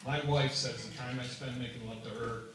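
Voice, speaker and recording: An older man telling stand-up jokes with deadpan delivery at a community variety show, heard from far off in an echoey hall with an audience behind him. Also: medium pitch, normal speed, very noisy. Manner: deadpan storytelling with punchlines. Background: audience laughter.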